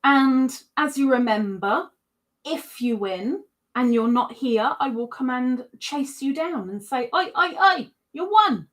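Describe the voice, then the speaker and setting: Woman, livestream host; relaxed, rambling chat through viewer comments, slow delivery. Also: high voice. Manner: chatty, rambling, frequent "um"s.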